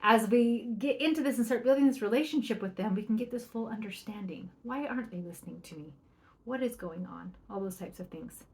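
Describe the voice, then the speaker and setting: A woman's voice: a little high, fairly quick. A middle-aged woman hosting a parenting podcast, giving advice in a chatty, upbeat way and often asking "right?". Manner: chatty, upbeat, keeps asking "right?", acts out soft quoted lines. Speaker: parenting coach and podcast host.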